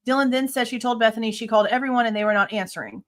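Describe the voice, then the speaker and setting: A woman's voice: fairly high pitch, rapid-fire. A woman hosting a live true crime reaction show, reading a police report aloud and bluntly arguing with it, swearing casually and sounding exasperated. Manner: blunt, exasperated, sharply skeptical; reads report lines aloud, then argues back at them.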